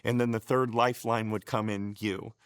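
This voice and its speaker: A man's voice: lowish voice, flat delivery, moderate pace, smooth, no echo, clean studio sound. A middle-aged man telling his personal faith testimony in an earnest, emotional way, often getting choked up and restarting his sentences. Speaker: show co-host sharing his testimony.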